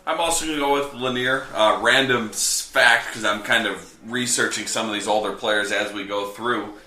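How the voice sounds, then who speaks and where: A man's voice: fairly low pitch, normal speed, sharp tone, echoey room. A man co-hosting a sports podcast, chatting casually and easygoing as he rattles off team statistics. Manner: stat-heavy, easygoing, chuckling. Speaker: podcast co-host.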